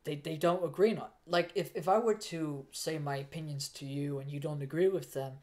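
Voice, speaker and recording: A man's voice: fairly high pitch, fairly even intonation, brisk, a little mellow. Stammering overheated streamer guy. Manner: rambling, stammering with frequent restarts. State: overheated in a fursuit, mentally foggy. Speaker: livestreamer. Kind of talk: casual livestream chat, reading donations.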